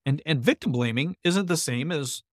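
A man's voice: fairly high pitch, expressive, normal speed, no room sound, clean studio sound. A man as a podcast guest, explaining his ideas earnestly in conversation and repeating key phrases for emphasis. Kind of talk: conversational interview.

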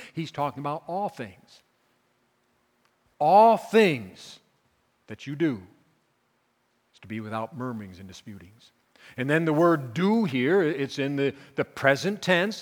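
A man preaching a sermon as pastor, repeating key phrases and swinging from quiet explanation to loud, emphatic peaks. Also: fairly high pitch. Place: church sanctuary. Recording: long reverb of a church hall.

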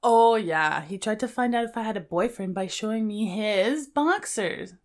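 A woman's voice: mid-range voice, animated, normal speed. A woman guest on a podcast, a bookshop owner, talking in playful, slangy casual chat.

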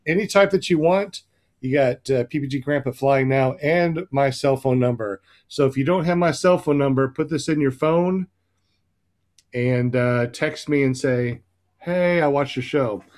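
A man's voice: mid-range voice, a little slow, darkish tone. A man hosting a casual livestream chat, rambling with many fillers. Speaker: host of a paramotor livestream.

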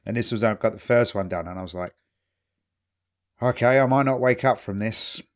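A man's voice: lowish voice, normal speed. A man co-hosting a podcast, chatting casually and retelling what he watched, with plenty of swearing. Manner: sweary, conversational, retells scenes. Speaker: podcast co-host. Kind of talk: casual chat.

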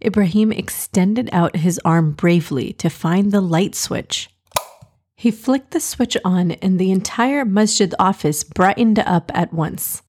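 A woman narrating a children's storybook in a gentle, expressive reading manner. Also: medium pitch, a little slow, breathy edge.

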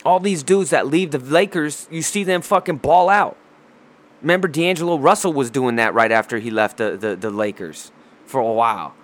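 A man's voice: mid-range voice, normal speed. A man ranting casually about basketball, heated and profane, full of trash talk, restarts and rambling asides. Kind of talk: casual sports rant.

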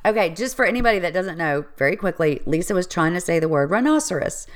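A woman, co-hosting a casual chat and telling animated family stories. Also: on the low side, fast. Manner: animated storyteller, acts out her kids' voices. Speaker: podcast co-host.

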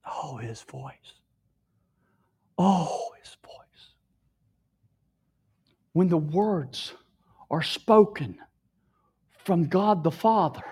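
A tearful man sharing an emotional personal testimony, often dropping his voice to a hushed whisper. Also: high voice, husky.

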